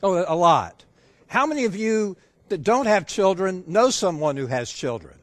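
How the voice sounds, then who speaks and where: A man's voice: sits high, big pitch swings, normal speed. A man preaching a sermon, drawing in the audience with questions and acting out the dialogue of a family story. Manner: engaging, asks the audience questions.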